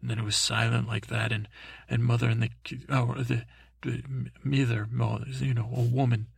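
A man improvising a rambling comic tale as a dim, timid boy prince, halting and mixing up names. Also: medium pitch, level tone, gravelly, husky, dry recording. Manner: halting, full of restarts and mixed-up names. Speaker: comedic storyteller.

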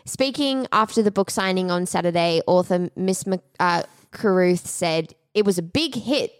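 A woman's voice: on the low side, moderate pace, no room sound, studio quality. A woman co-hosting a podcast, casually reading out news stories with frequent giggles and small stumbles. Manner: giggly, reads with stumbles and laughs. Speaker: podcast co-host.

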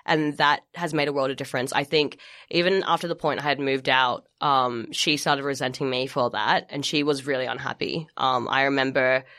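A young woman, telling a personal story in casual chat, halting with many restarts and frequent laughs. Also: a bass voice, steady tone, a bit bright. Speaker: guest sharing her story.

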